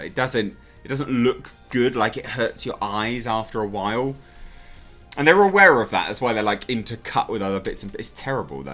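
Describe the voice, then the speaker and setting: A man's voice: mid-range voice, a bit bright. A man reviewing a TV episode in a casual, sarcastic and exasperated rant.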